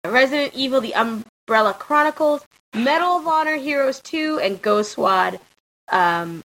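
A woman with a bright, sharp tone chatting loosely as a podcast host. She rambles a little and stays relaxed while reading out listener mail. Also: high voice, normal speed, rough recording. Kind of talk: casual podcast chat.

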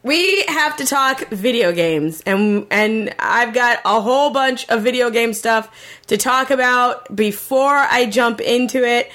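A woman's voice: fairly high pitch, measured pace, fairly bright tone. A woman hosting a casual video game podcast, chatty and enthusiastic. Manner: chatty, enthusiastic, many fillers. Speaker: podcast host. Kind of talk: casual podcast talk about video games.

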